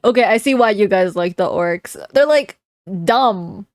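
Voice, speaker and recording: A woman's voice: mid-range voice, animated, a little slow, dry recording, clean studio sound. A young woman streamer chatting casually as she reacts to a video, teasing and laughing often.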